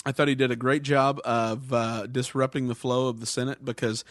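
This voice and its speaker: A man's voice: medium pitch, little pitch movement, normal speed, dry recording. A male podcast co-host explaining politics in a casual chat, with dry humor. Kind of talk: casual discussion.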